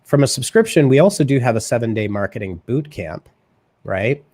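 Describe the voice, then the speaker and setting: Guy hosting a live web show, quick casual talk, keeps saying right, dry mic. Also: medium pitch, animated, a little mellow, no room sound. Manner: fast, casual, says "right?" a lot. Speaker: host. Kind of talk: live marketing show chat.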